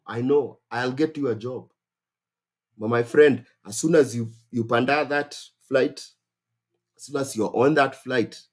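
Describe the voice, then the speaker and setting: A man with a Kenyan accent hosting a casual advice livestream, talking in an animated, exclamatory way and repeating phrases for emphasis. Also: fairly high pitch, slightly rough. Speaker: host.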